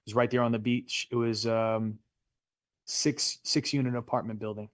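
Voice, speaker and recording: In a Florida classroom, a middle-aged man teaches real estate in a relaxed, chatty style, throwing questions at the students and slipping in small jokes. He speaks at normal speed and an ordinary pitch, with dry, close sound and no echo.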